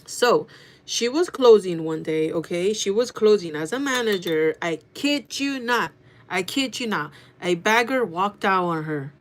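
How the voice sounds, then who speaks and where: A woman in her thirties telling a workplace story to her viewers in a casual, animated, gossiping way. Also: lowish voice, moderate pace. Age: 30s. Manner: animated gossiping with frequent swearing and laughter. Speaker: vlogger.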